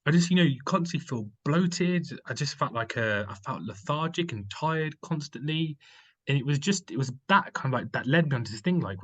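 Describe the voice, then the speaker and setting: A man from the United Kingdom talks casually as a guest, and his voice has a husky edge to it. He rambles along with lots of fillers and restarts, sitting at an ordinary middle pitch. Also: animated, fairly quick, fairly bright tone, low-quality recording. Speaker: guest, company founder. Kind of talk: casual conversational storytelling.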